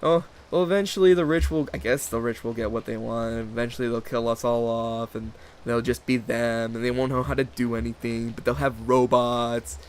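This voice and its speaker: A man's voice: medium pitch, fairly even intonation, normal speed, few pauses. A man hosting his own channel, rambling through a sarcastic, profanity-heavy rant and mocking other people's voices. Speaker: channel host. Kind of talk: rambling ranting monologue.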